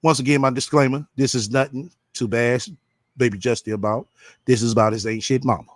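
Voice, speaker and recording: A man's voice: mid-range voice, steady tone, brisk, no room sound, studio quality. A man doing casual reaction commentary, talking bluntly and with profanity straight to his viewers. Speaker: commentary streamer.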